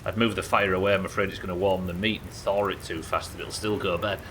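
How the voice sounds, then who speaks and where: A man commentating his own live game stream, excitable, swearing and talking to his chat. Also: deep voice, fast, a little hiss or hum.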